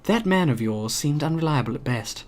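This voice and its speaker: A man's voice: medium pitch, normal speed, a bit bright, close to an everyday voice. Man doing a posh haughty nobleman. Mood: aloof. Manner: upper-class, clipped delivery.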